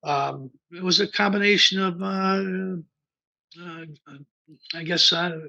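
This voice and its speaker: A Midwestern band founder in his sixties rambles through stories as an interview guest, full of fillers and restarts, in a casual storytelling manner. His voice is high, slow, creaky, bright and forceful, and the remote interview audio is dull and lo-fi.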